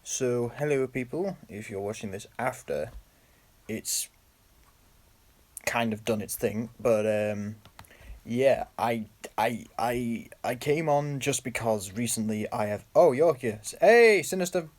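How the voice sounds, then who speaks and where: A man's voice: mid-range voice, lively intonation, slow pace. A young man chatting casually on a live stream from his phone, rambling and stumbling over his words as he greets viewers by name.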